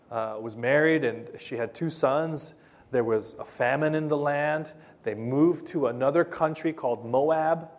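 A man preaching a sermon, telling Bible stories in a hesitant way with many pauses and fillers. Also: medium pitch. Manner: hesitant, many ums and uhs, gentle storytelling. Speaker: pastor.

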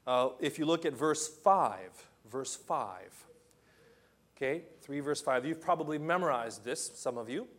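A man preaching a sermon as pastor, animated and emphatic, repeating his points and dropping to quiet asides. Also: medium pitch, measured pace.

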